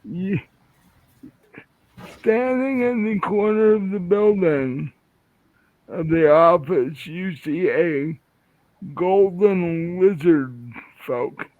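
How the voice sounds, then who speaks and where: A man narrating as game master of a tabletop game, halting and restarting as he describes scenes, over a tinny phone-like line. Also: high-pitched, dry recording.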